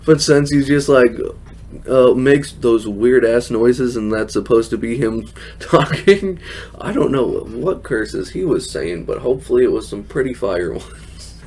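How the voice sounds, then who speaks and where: A man talks through a casual show recap in a chatty, loose way. He laughs often and drops plenty of fillers as he goes, at an ordinary mid pitch. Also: animated, measured pace, a little mellow. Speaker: wrestling recap host.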